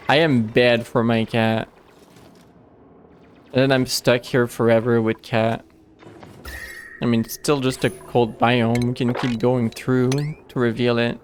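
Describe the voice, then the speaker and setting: A man's voice: mid-range voice, slight background noise. A man streaming a game live, chatting casually and rambling with many restarts and fillers. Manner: rambling, halting with frequent restarts.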